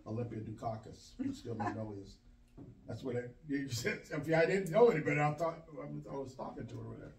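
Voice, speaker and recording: A man's voice: medium pitch, lively intonation, quick pace, vocal fry, a little mellow, a little hiss or hum. A man, an actor guest on a podcast, talking in a playful, easygoing way. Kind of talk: casual podcast chat. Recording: echoey room, mic at a distance.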